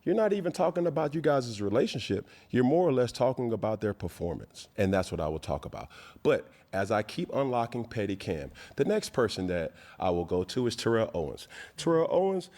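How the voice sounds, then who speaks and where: A man hosting a sports talk show, speaking emphatically and deliberately, addressing people directly. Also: medium pitch, very animated, a little mellow. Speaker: show host.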